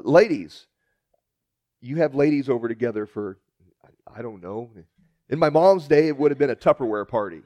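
A man preaching a sermon, retelling scripture as a story and acting out the dialogue with big swings in pitch and loudness. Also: no echo. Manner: storytelling, acts out the dialogue with shifting pitch and volume.

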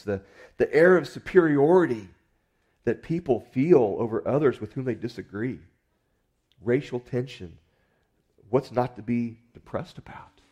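A pastor with a mid-range, slightly mellow voice preaches a sermon in an earnest, conversational manner, frequently restarting his words as he goes.

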